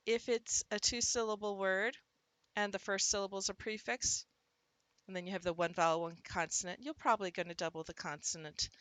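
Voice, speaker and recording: A woman with a bright, clear voice walks teachers through a literacy lesson. She punches out syllables to show stress and calls the example words out loud. The sound is close and dry, with no room echo. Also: mid-range voice. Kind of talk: instructional talk to teachers.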